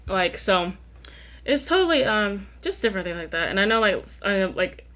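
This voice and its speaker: A woman's voice: medium pitch, big pitch swings, moderate pace, a bit bright. A woman of about thirty chatting casually to camera as a vlogger, rambling and often checking in with "you know what I mean". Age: 30s.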